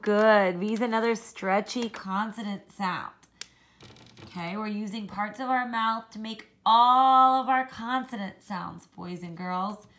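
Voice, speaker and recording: A woman teaching a children's phonics lesson, slowly modelling letter sounds and encouraging the kids to copy her. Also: medium pitch, fairly bright tone.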